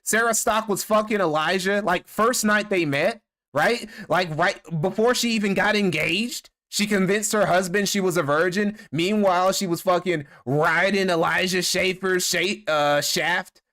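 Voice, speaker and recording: Man streamer, casual profane commentary, bright sharp voice, slightly high. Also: a little slow, few pauses. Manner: profane, mocking, thanks donors.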